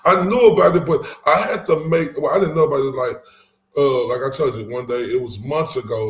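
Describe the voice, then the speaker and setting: A man's voice: mid-range voice, reverberant. A man hosting his own channel, giving heated, profane commentary with angry emphasis and frequent stumbling restarts.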